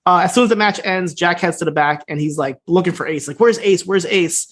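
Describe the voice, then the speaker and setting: A man co-hosting a casual podcast, talking fast as he recaps an episode. He acts out the characters' lines in a lively retelling, laughing as he goes. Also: a little high. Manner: fast, animated retelling with laughs and acted-out quotes. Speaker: podcast co-host.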